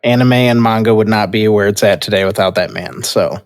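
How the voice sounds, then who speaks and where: A man hosting a casual podcast who talks haltingly, with many fillers and restarts. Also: lowish voice, clean tone, big-room sound. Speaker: podcast host. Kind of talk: casual chat.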